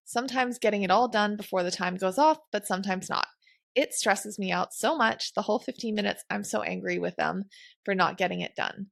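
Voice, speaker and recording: Young woman co-host, reads questions, wry, gravelly fry, mid pitch. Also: dry recording, studio quality. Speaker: co-host reading listener questions. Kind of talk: reading questions, casual chat.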